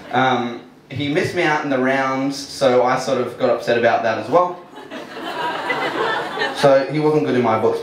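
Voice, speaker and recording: A man's voice: medium pitch, a little hiss or hum. A man telling a funny personal story live on stage, casual and self-mocking, laughing through his lines. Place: live storytelling venue with audience. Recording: echoey hall, mic far off.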